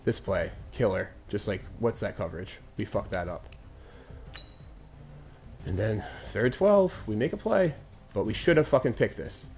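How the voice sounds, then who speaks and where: A man's voice: lowish voice, animated, unhurried, pauses often, darkish tone, soft background music. A man in his twenties hosting a game commentary show, recapping a lost Madden game in a crude, aggrieved rant. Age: 20s.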